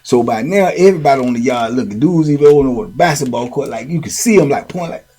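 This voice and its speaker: A man telling a story in a casual, animated way, full of slang and repeated phrases. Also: medium pitch, quick pace, breathy edge. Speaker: storyteller host.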